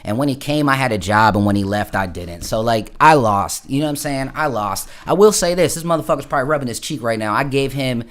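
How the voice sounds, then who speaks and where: A man's voice: medium pitch, lively intonation, fast, few pauses, fairly bright tone. A man from Florida, a musician chatting live with viewers, telling stories in a rambling, profane way. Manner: rambling, profane storytelling, full of "bro". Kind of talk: casual livestream chat.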